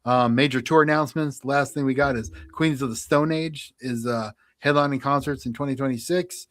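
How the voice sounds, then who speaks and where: Animated male radio co-host. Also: medium pitch, a little fast, no room sound. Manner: animated, laughs while telling stories. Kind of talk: casual chat and quiz hosting.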